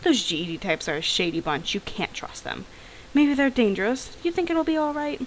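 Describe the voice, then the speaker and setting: A woman's voice: fairly high pitch, lively intonation, a little fast, a little hiss or hum, natural voice, poor audio. Grumpy old engineer, as a woman reads him. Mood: worried. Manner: gruff, muttering, old-fashioned complaints. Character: grumpy older engineer grumbling about gadgets. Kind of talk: reading game dialogue aloud.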